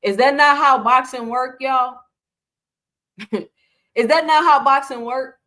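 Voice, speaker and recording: Woman firing off rhetorical questions. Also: high-pitched. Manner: animated, rapid-fire rhetorical questions. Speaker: boxing commentary host. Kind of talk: casual reaction commentary.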